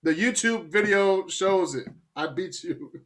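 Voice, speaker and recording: A man's voice: high-pitched, lively intonation, unhurried, a bit bright. A young man co-hosting a casual chat, joking and acting out his own reactions. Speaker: podcast co-host.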